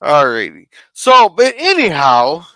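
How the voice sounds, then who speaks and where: A man's voice: a little high, huge pitch swings, takes it slowly, pushed and bright, no echo. A man co-hosting a casual show recap, talking loosely and swearing now and then. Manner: loose, swearing, bursts into singing. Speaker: podcast co-host recapping an episode. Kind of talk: casual chat.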